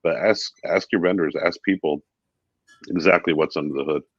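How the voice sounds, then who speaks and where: A man talking as a guest in a casual interview, relaxed and chatty with many fillers. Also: rumbling low, moderate pace, slightly rough, dry recording, dull audio. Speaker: guest, VP of sales.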